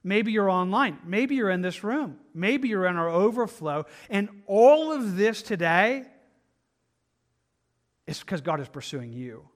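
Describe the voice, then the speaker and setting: A man's voice: high-pitched, sing-song, a little slow. A pastor preaching an earnest, emphatic sermon in a church, sometimes repeating his words as he presses a point. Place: church sanctuary.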